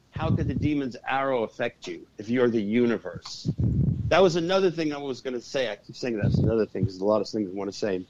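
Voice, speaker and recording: A man being interviewed as a guest shaman and exorcist, telling stories in an excitable, profane way. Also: medium pitch, highs cut off, noisy background. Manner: profane and excitable, acts out the voices in his stories. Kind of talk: animated storytelling in a podcast interview.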